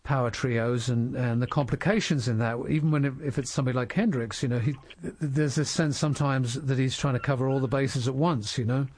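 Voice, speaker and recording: A man's voice: mid-range voice, fairly even intonation, brisk, few pauses, a little mellow, dry recording. An older man hosting an interview, talking in a reflective, hesitant way with many filler words. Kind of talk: casual interview chat.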